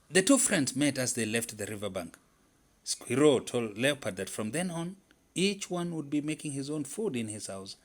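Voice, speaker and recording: A man narrating a folktale in an animated, dramatic storytelling manner. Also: medium pitch.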